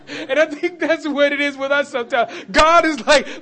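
Animated high-voiced male preacher. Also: takes it slowly. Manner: animated, laughing and shouting at times. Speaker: pastor. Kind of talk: sermon. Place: church sanctuary.

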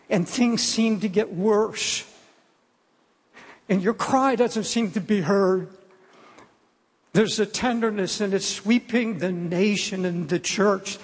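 An older male pastor preaches earnestly and pleadingly, often restarting his phrases. His voice is high with a breathy edge, and the recording carries a long hall reverb.

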